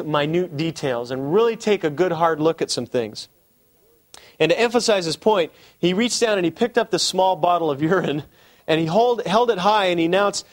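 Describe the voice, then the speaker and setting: A man preaching a sermon, teaching from scripture with emphatic, animated delivery. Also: fairly high pitch. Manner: emphatic, quotes scripture in raised voice.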